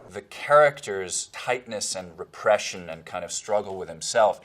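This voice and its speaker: A man's voice: deep voice, animated, moderate pace, fairly bright tone, slight background noise. A man working as an accent and dialect coach, giving frank, analytical commentary on film clips. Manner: analytical, frank, plainly critical.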